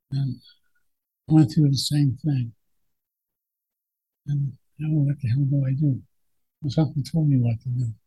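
A man's voice: medium pitch, dark tone, slightly rough, low-quality recording. An older man, a veteran, reflectively recalling his wartime service in a plainspoken oral history telling.

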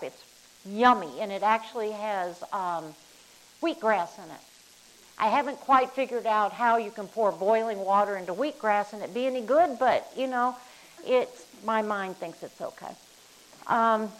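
A woman leading a casual group session, rambling and chatty and quick to laugh. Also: medium pitch, rough recording. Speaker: workshop leader.

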